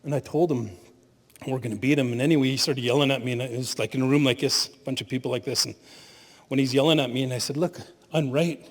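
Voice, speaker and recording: A middle-aged man giving an animated storytelling talk as a spiritual leader at a conference, laughing at his own stories. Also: medium pitch, fast. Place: conference hall. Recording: long hall reverb.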